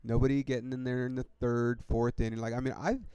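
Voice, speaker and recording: A man's voice: medium pitch, flat delivery, a little fast, dark tone, clear, resonant tone, no room sound. A young man hosting a podcast, telling a rambling story in a laid-back, profane way, peppered with "dude" and "like". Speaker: podcast host.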